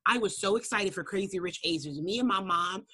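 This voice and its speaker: Woman, podcast co-host, blunt, animated, bright tone. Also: medium pitch, fairly quick, slightly rough. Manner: blunt, animated, quotes people in voices. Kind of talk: casual chat.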